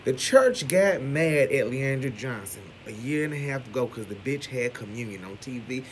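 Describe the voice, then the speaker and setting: A man giving loud, brash gossip commentary with heavy cursing. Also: medium pitch, expressive, normal speed, a little hiss or hum. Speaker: commentary vlogger.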